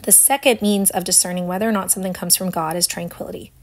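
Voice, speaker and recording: A Catholic faith teacher and host leads a casual teaching talk, speaking earnestly and unhurriedly with light laughs and long passages read aloud. Her voice is on the low side and steady, and she talks fast.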